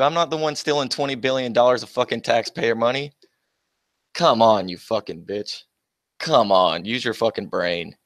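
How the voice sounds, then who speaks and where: A man's voice: medium pitch, normal speed, a bit bright, no echo. A young man hosting a casual livestream, reading chat aloud and trading mocking, profane jabs with commenters while laughing often. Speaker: livestream host.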